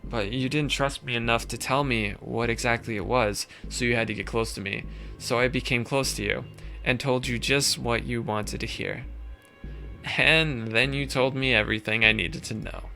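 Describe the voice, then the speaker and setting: A man's voice: mid-range voice, normal speed, vocal fry, bright, forceful tone, faint music behind. A man voicing a young woman in a visual novel game who coldly explains her betrayal, in a matter-of-fact manner.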